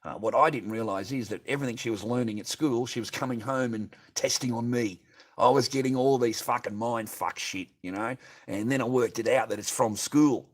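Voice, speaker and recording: A middle-aged man with an Australian accent, ranting in a profane, repetitive, bitter monologue to his stream. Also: mid-range voice.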